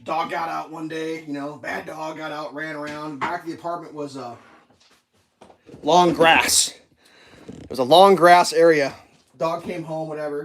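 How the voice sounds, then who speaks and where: High-voiced man rambling through stories. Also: a little slow, a little hiss or hum. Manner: rambling, animated, laughs at his own stories. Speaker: streamer cooking breakfast. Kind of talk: casual storytelling while cooking.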